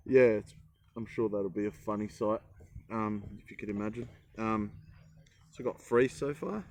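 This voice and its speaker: This travel vlogger's lowish, slightly mellow voice moves unhurriedly, with long pauses. He rambles and cracks self-mocking jokes while cooking outside in the woods.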